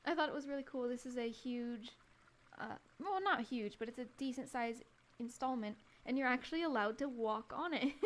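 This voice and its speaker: A woman's voice: on the high side, normal speed. A woman streamer chatting casually over her travel photos, giggling often and rambling with frequent restarts. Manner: giggly, laughs often between remarks. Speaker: live streamer.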